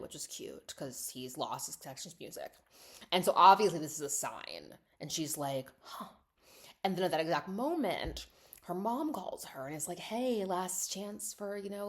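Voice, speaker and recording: Chatty low-voiced woman recapping sarcastically. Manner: chatty, sarcastic, heavy "like" and "obviously", acts out quotes. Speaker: writer and coach recapping a movie. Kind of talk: casual storytelling recap.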